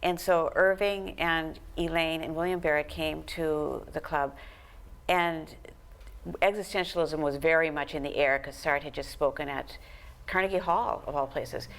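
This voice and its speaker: A woman author talking about history at a panel, relaxed and full of fillers. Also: low voice, normal speed, rough recording. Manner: relaxed storyteller, many fillers. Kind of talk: conversational panel talk. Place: art gallery talk.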